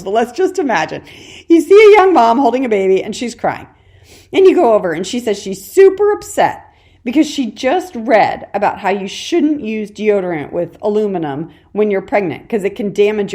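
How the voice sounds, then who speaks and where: A woman talks straight to her listeners as the host of a solo parenting podcast. Her delivery is chatty and encouraging, loose and conversational, with frequent "okay"s. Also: medium pitch. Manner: warm encouraging, addresses listener as "dear warrior".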